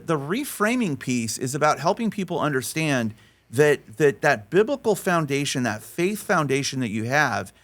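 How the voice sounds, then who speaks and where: A man speaking on a podcast, telling a story in an animated way and repeating words as he restarts his sentences. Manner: animated storyteller, voice rising high when acting out quotes. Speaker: faith-based life coach and podcast guest.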